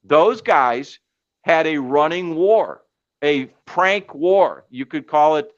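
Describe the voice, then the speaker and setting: A middle-aged man and sportscaster, telling stories in casual chat as a podcast guest, animated and filler-heavy. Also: a little high, takes it slowly, muffled recording. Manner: animated storyteller with many fillers.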